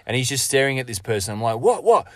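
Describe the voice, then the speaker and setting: A man's voice: mid-range voice, fairly even intonation, racing, a bit bright, no echo. A man telling a role-play game story in casual, profane chat, often laughing and acting out quotes. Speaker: podcast co-host.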